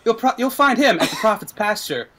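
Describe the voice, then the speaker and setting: A man's voice: sits high, animated, a little fast, a bit bright, voice pushed up. A man playing a sly woman informant. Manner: smooth, sly, calls people love.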